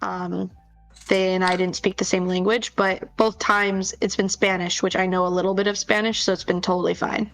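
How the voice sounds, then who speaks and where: A woman's voice: mid-range voice, flat delivery, normal speed, soft background music, rough recording. A woman co-commentating a card game tournament stream and drawing on her own tournament play. She is chatty and easygoing and laughs often. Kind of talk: casual live game commentary.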